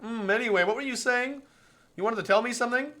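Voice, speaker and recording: A man's voice: very high voice, fast talker, bright, forceful tone. A young man streaming a visual novel, chatting casually, laughing often and swearing freely. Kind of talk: casual live-stream commentary.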